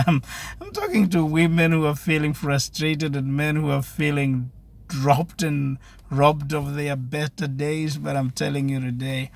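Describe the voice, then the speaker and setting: A man's voice: on the high side, level tone, moderate pace, creaky. A man giving a devotional sermon with earnest, repetitive exhortation. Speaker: preacher.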